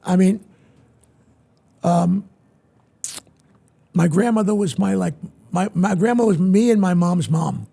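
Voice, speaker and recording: A man's voice: slow, creaky, pauses often, warm tone. An older man, a veteran entertainer, telling stories in an interview and acting out the voices of the people in them. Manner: acts out quoted voices with big pitch swings. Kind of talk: animated storytelling in an interview.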